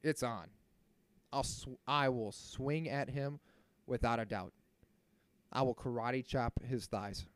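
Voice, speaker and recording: A man in his thirties tells a story on his podcast, worked up and indignant, with a steady middle pitch. He curses freely and keeps the story moving. The recording is dry and close. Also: takes it slowly, long pauses, no room sound. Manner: animated, indignant, swears freely. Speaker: podcast host. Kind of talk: casual storytelling monologue.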